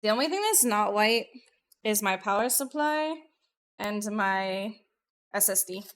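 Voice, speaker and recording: A woman VTuber streamer chatting casually with her live viewers, excitable and profane, jumping between loud bursts and muttered asides. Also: medium pitch, a little slow, clean tone.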